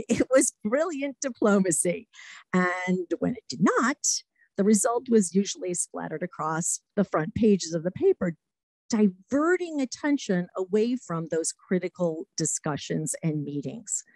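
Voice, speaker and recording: A middle-aged woman, a former diplomat, giving a talk full of lively anecdotes and acted-out quotes. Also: fairly low pitch, dry recording, poor audio. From United States. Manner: lively anecdotes, acts out quotes, laughs often. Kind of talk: storytelling talk.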